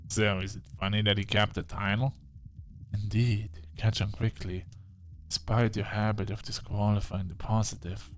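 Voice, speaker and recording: Old vampire mentor guy, calm and dry, kinda low voice, man doing it. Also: natural voice. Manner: measured, dryly encouraging.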